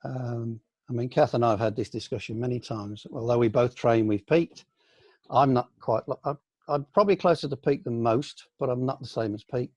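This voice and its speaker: Older man, mellow husky voice, reflective. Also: medium pitch, normal speed, no room sound. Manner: reflective, rambling, many ums and restarts. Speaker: senior aikido teacher answering questions. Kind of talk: casual online Q&A. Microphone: video call.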